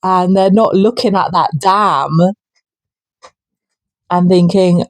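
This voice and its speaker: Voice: mid-range voice, fairly even intonation, slow pace, pauses often, no echo. A person giving an impassioned solo monologue, angry and sweary, with mocking asides. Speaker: channel host.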